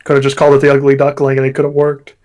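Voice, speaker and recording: A man's voice: medium pitch, completely flat delivery, very fast, crowd noise, low-quality recording. A man who is a guest in a casual podcast chat, talking reflectively and searching for his words. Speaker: guest author.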